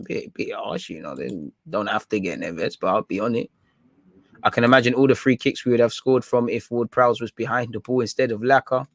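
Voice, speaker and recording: A man hosts a fan channel live stream, chatting casually in slang and reading out viewer comments. His medium-pitched voice is captured dry, with studio quality.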